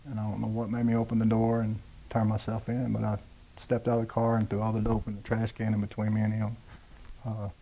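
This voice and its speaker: A man's voice: fairly low pitch, completely flat delivery, fairly quick, warm tone, breathy edge, rough recording. A man in his forties, plain-spoken and blunt, telling his own story of recovery in a personal testimony with many "uh"s and "you know"s. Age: 40s. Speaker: rehab program graduate telling his story.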